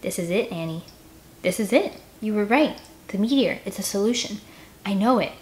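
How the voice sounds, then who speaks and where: A woman voicing a worried young boy who speaks softly and pleads. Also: medium pitch, lively intonation, normal speed, lightly acted. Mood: pleading. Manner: soft, pleading.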